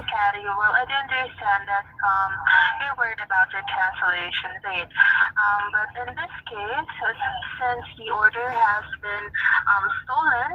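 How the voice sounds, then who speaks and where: A woman customer support agent on a phone call, polite and halting, filling pauses with many ums as she follows a script. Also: on the high side, slight background noise. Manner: halting, filler-heavy, polite. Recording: muffled phone line.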